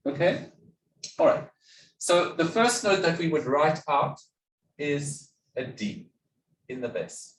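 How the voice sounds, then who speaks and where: A man's voice: fairly high pitch, big pitch swings, slow pace, long pauses. Echoey distant male music lecturer. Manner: patient, asks questions and answers them himself. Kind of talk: classroom lecture. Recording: echoey room, mic at a distance.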